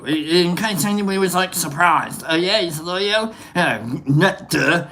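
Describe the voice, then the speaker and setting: A man's voice: high voice, lively intonation, measured pace, pushed and bright, exaggerated voice. A man doing a hammy, joking mock English-Australian accent while chatting to viewers on a livestream. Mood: jokey. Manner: joking, rambling, reading out viewer names.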